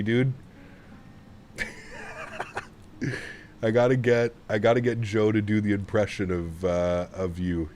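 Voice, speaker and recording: A man's voice: lowish voice, darkish tone, a little hiss or hum. Easygoing, rambling male flight sim streamer. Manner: rambling, easygoing, laughs often. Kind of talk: casual livestream chat.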